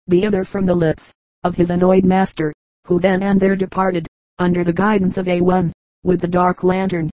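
A woman reading a classic novel aloud as an audiobook narrator, in a steady, even reading voice. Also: fairly low pitch, no room sound, low-quality recording. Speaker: audiobook reader. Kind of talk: scripted narration.

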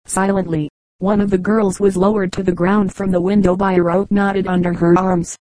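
Woman, audiobook narration, measured storytelling delivery, warm dark tone, dry close recording. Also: mid-range voice, level tone, no echo, poor audio. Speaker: audiobook reader. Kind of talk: scripted narration.

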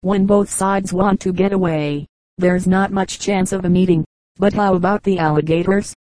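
A woman's voice: fairly low pitch, steady tone, normal speed, mellow, no echo, lightly acted. A woman reading the part of a cheerful, easygoing older teenage boy in an audiobook.

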